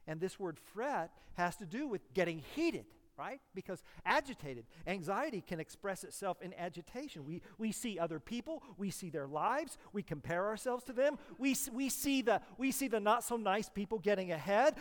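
Pastor, male, high voice, emphatic and repetitive delivery, long hall reverb. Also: very animated, moderate pace. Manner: emphatic, repeats key phrases, swings from hushed to loud. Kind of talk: sermon. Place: church sanctuary.

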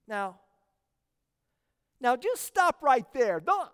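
Slow, lively preacher in a reverberant hall. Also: high voice. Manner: emphatic, repeating words for stress. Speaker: pastor. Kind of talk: sermon.

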